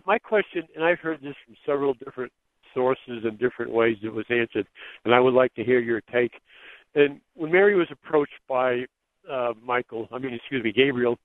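A man's voice: medium pitch, dry recording. Hesitant male caller on phone line. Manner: rambling, hesitant. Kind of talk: call-in radio question. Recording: dry, tinny phone line.

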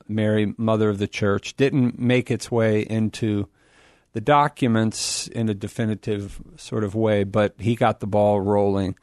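A middle-aged man as a radio guest, talking in an enthusiastic, rambling way with a preacher's warmth. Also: fairly low pitch, dry recording, clean studio sound. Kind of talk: casual radio talk.

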